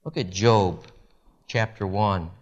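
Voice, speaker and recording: A man preaching a sermon in a church, animated, with wide swings in pitch and loudness. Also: slow pace, highs cut off. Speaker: pastor.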